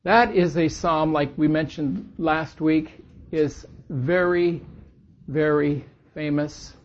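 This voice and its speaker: A man leading a church group in reading scripture aloud, slow and deliberate, stressing the key words. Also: fairly high pitch, fairly even intonation. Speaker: church class leader. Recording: dull lo-fi recording.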